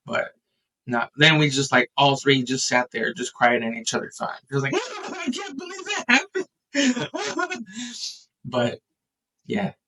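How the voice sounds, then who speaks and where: A man in a casual podcast chat, telling a family story with lively acted-out quotes. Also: medium pitch, far from the mic, rough recording. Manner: animated storyteller, acts out quotes.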